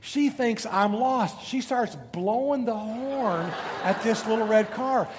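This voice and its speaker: A middle-aged man preaching a sermon as pastor, telling animated stories and asking rhetorical questions, often repeating words. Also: very high-pitched, takes it slowly. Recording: reverberant hall with faint noise.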